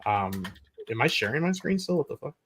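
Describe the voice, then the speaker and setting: A man co-hosting a casual livestream chat, talking in a rambling, excitable way and swearing casually. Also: mid-range voice, a little fast, a little hiss or hum. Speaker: co-host.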